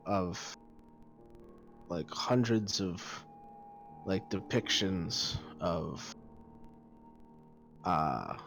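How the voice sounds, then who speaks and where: A man narrating as game master of a tabletop game, pausing often and filling gaps with "uh" and "like" as he describes the scene. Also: fairly low pitch, poor audio. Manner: hesitant, full of pauses and fillers. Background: faint background music.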